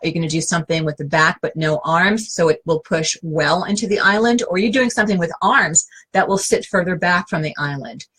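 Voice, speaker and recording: A woman's voice: on the low side, brisk, hardly any pauses, fairly bright tone, breathy edge. A woman interior designer answering viewer questions in a casual, direct way, full of rhetorical questions. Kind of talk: casual advice Q&A.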